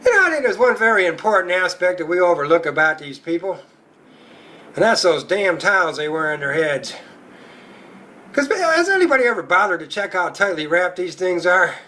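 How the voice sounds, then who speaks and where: A man's voice: high voice, very animated, normal speed, pushed and bright. A male stand-up comedian telling a crude, profane routine in a rowdy storytelling manner.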